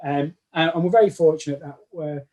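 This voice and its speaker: A man with a Manchester accent, chatting as an interview guest. His voice sits a little high for a man. He talks in a loose, rambling way and keeps restarting his sentences. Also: fairly quick, darkish tone. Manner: rambling, lots of restarts and self-corrections. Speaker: guest cosplayer. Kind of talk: casual interview chat.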